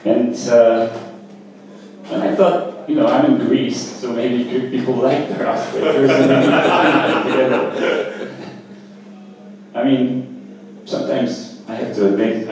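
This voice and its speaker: A man performing open mic stand-up comedy at a small cafe, talking in a casual, halting way with lots of fillers. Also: medium pitch, fairly even intonation, darkish tone, very echoey, recorded from a distance, a little hiss or hum, rough recording. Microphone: handheld stage mic.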